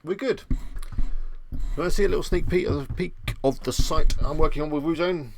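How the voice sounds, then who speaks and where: A man's voice: fairly high pitch, brisk, a little hiss or hum. A man hosting a live stream, chatting with viewers in an easygoing, rambling way. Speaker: livestream host. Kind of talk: casual live-stream chat.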